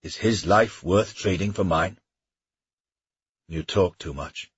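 A man voicing a stern, vengeful knight in an audiobook, short and grim in speech, with a husky voice. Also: sits low, takes it slowly, no echo, muffled recording, heavily acted. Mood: terse. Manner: terse, grim. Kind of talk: audiobook character reading.

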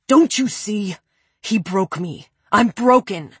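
A woman reading aloud, voicing a tormented young man who yells and swears in anguish, raspy from shouting. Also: lowish voice, measured pace, no room sound. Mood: anguished rage. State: raspy from yelling.

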